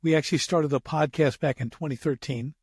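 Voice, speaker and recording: A man's voice: on the high side, fairly even intonation, a little fast, a little mellow, husky, no echo, studio quality. A man in his sixties hosting a podcast interview, telling rambling anecdotes in casual chat. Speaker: podcast host.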